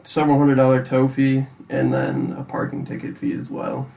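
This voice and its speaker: A young man speaks in a relaxed, easygoing way with a gravelly, creaky edge to his mid-range voice. He tells his side in casual chat, often breaking into a chuckle. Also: mid-range voice, moderate pace, a little hiss or hum.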